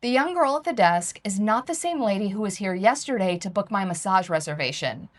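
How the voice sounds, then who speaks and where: A woman reading her own travel memoir aloud in a calm, reflective, measured way. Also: medium pitch, no room sound. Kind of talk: first-person memoir reading.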